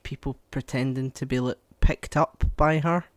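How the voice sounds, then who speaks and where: A man's voice: mid-range voice, fairly even intonation, no room sound. Hesitant man, close dry mic. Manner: hesitant, laughing, halting phrasing. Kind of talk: casual chat.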